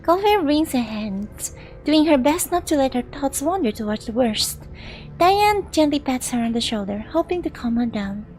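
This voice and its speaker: A woman's voice: high voice, sing-song, normal speed, a little mellow, faint music behind, rough recording. A young woman streamer with a Singaporean English accent, reading game narration aloud and chatting between lines. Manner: chatty, reads narration then asides to chat. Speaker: VTuber streamer.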